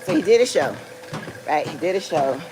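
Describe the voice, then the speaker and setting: A woman's voice: sits low, big pitch swings, normal speed. Woman, 40s, casual livestream storytelling, rambling with fillers, laughs mid-sentence, noisy vehicle background. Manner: rambling, filler-heavy, laughs through talk. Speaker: vlogger.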